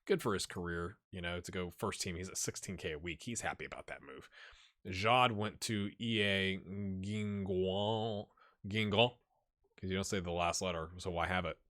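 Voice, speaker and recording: A man hosting a gaming channel, talking through a football management game in casual let's-play commentary, slangy and joking, cheering players on with loud outbursts. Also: low-pitched, normal speed. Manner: excitable, talks to players in the game, loud outbursts when goals come; slangy and joking, trails off into mumbles.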